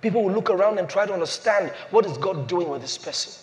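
A man preaching a sermon as pastor, repeating phrases and swinging from loud declarations to hushed, slow emphasis. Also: high-pitched, lively intonation. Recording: long hall reverb.

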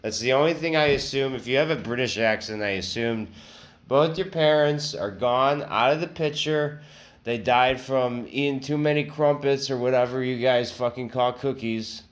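A man's voice: medium pitch, moderate pace. A man hosting a comedy podcast, talking casually in a crude, rambling, self-mocking way. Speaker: podcast host.

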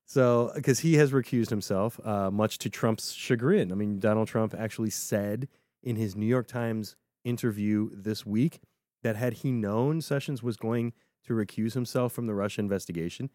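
A man with a low, mellow voice co-hosts a casual political podcast. He talks with energy and often repeats words as he restarts his thoughts. The sound is dry and close. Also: normal speed, no echo.

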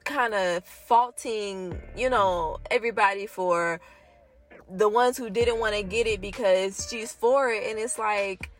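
A woman's voice: medium pitch, measured pace, faint music behind. A woman talking alone in a casual, heated rant, full of swearing and filler words like "like" and "you know.". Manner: heavy profanity, blunt and heated. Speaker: solo commentator.

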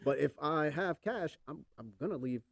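A man's voice: a little high, animated, normal speed, creaky, no echo. A man hosting a podcast, chatting casually and swearing freely, rambling with lots of fillers. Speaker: podcast host. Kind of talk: casual chat.

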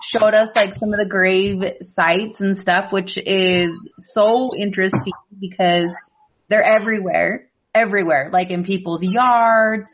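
A woman from Idaho shares holiday stories during a casual family chat, speaking a little slowly in a steady, medium-pitched voice. She giggles often and fills her speech with "um" and "like."

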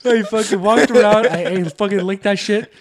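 A man's voice: sits high, fairly even intonation, moderate pace, a crowd in the background. A young man co-hosting a podcast, telling rambling, profane stories and laughing often. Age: young adult. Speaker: podcast co-host. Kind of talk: casual podcast chat.

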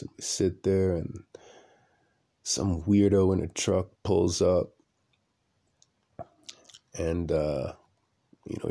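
Slow gravelly man telling a rambling story. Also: low voice, dark tone. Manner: rambling, repeats phrases for effect, blunt. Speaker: podcaster. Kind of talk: casual storytelling monologue. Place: room at home at night.

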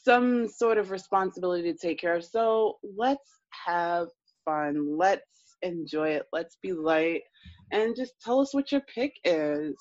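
A woman's voice: lowish voice, measured pace, no echo. Chatty woman podcaster, dull lo-fi sound. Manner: chatty, animated storyteller. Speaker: podcast co-host. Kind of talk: casual podcast chat.

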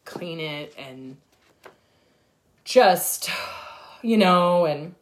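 A woman's voice: on the low side, lively intonation, drawn-out words, pitched below the performer's own voice. A woman voicing a gloomy, self-pitying grown woman who drones on about her troubles in a sluggish, sighing way. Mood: mopey. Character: mopey whining grown woman, sorry for herself.

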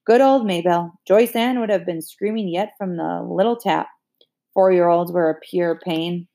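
A woman reading a children's novel aloud in a measured storytelling manner. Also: lowish voice, steady tone, vocal fry, dark tone. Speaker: audiobook reader.

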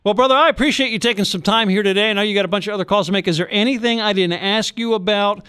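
Courteous high-voiced male host. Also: rapid-fire, fairly bright tone, clear, resonant tone, no echo, clean studio sound. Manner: friendly, courteous. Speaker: radio host. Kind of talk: interview and podcast outro.

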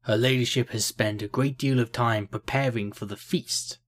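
A man voicing a stern, stoic army captain with a deep voice in a fantasy storybook reading. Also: steady tone, normal speed, close to an everyday voice.

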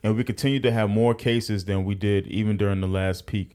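A man's voice: lowish voice, fairly even intonation, warm tone. A man hosting a podcast, talking casually and joking, often restarting his sentences. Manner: fast, joking, restarts a lot. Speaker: podcast host. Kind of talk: casual chat.

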